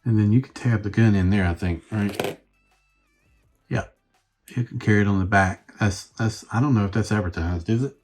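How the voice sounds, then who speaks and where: A man's voice: fairly low pitch, normal speed, long pauses, a little mellow, faint music behind. A man reviewing a toy on his own channel, rambling and thinking aloud as he fiddles with the figure. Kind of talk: casual unscripted review.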